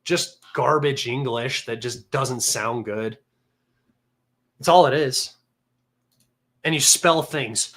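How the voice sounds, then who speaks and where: A man hosting a livestream, talking in a mocking, sarcastic and combative way, excitable and a little manic. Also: medium pitch. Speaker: livestream host. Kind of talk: casual livestream commentary.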